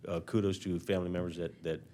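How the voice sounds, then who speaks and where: A man speaking as fire chief at a council meeting, halting and full of filler words. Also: deep voice, little pitch movement, warm tone, a little hiss or hum.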